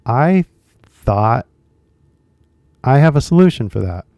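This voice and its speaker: A man's voice: mid-range voice, very animated, takes it slowly, creaky, darkish tone, no room sound, studio quality. An American man, an English teacher, talking casually on a live stream and rambling with lots of "you know" and "like" fillers. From United States.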